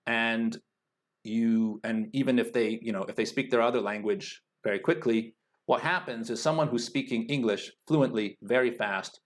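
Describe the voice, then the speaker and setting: A man teaching an exam-prep lesson, speaking slowly and deliberately, thinking aloud with frequent fillers and restarts. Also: lowish voice. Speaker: IELTS teacher. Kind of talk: explanatory lesson talk.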